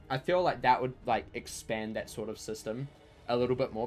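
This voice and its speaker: A man chatting casually on a game livestream, rambling and full of fillers. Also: medium pitch. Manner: rambling, lots of "like" and "you know". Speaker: game streamer.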